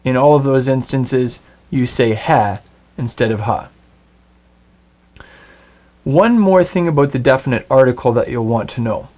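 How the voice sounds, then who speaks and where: A middle-aged man teaching a recorded Hebrew lesson, patient and clear, slowing down to spell out Hebrew words. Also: mid-range voice, a little mellow.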